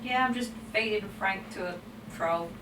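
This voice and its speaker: A woman's voice: medium pitch, normal speed, bright, forceful tone. A woman playing in a tabletop game, chatty and giggly. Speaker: player. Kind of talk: casual play. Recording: distant mic in echoey room with hiss.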